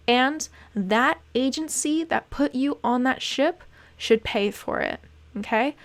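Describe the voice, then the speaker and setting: Young woman ranting to camera, kinda high voice, fired up and repeating herself for emphasis. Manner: impassioned, indignant, repeats phrases for emphasis. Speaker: vlogger, former cruise ship worker. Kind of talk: casual to-camera talk.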